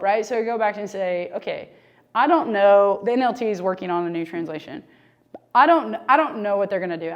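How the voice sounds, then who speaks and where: A woman leading a casual church Bible study discussion, talking in an animated, conversational way full of "like.". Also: mid-range voice. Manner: animated, conversational, heavy use of "like".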